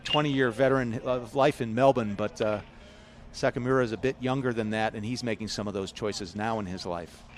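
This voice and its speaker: A man's voice: lowish voice, brisk. A man with a Chicago American accent calling a youth baseball game live, chatty and often correcting himself. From Chicago, United States. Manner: chatty, self-correcting, rising to shouts on big hits. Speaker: baseball commentator. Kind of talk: live play-by-play commentary.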